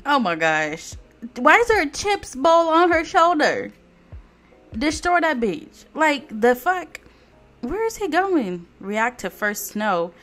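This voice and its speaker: A woman giving casual let's-play commentary on a life-sim game, animated, laughing often, swearing and talking straight to viewers. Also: on the high side, slow, soft background music. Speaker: Sims gameplay YouTuber.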